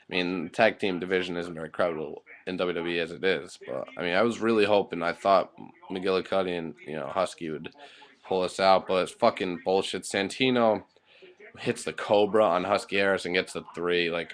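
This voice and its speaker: A man giving a casual spoken recap of a wrestling show, rambling with lots of fillers and blunt swearing. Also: deep voice.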